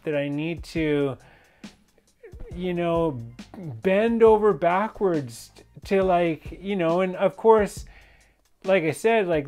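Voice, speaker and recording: A man's voice: on the high side, a little mellow. A man telling a personal story in an intense, emphatic monologue, rambling with many fillers and restarts. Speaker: fitness and yoga instructor sharing personal stories.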